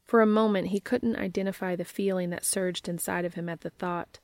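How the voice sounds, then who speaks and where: A woman reading a story aloud in steady, measured narration. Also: on the low side, no echo, studio quality. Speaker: reader.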